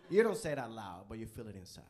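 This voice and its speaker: A male stand-up comic performing live in a comedy club, talking into a handheld mic. His pitch swings widely and he leaps into loud, exaggerated voices for the people in his stories. The delivery is lively and punchy. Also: fast talker. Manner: animated, jumps into loud character voices.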